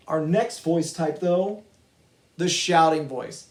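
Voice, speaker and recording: Teaching kindergarteners online, this man speaks slowly in a voice on the high side, patient and encouraging toward the kids and their families. Slight background noise and room echo are audible.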